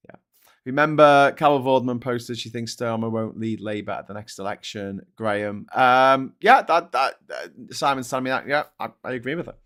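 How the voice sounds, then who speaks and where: A man's voice: mid-range voice, normal speed, fairly bright tone, clear, resonant tone. A man with a Scouse accent hosting a casual live stream, reading out viewer comments and answering them bluntly, with plenty of swearing. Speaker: host.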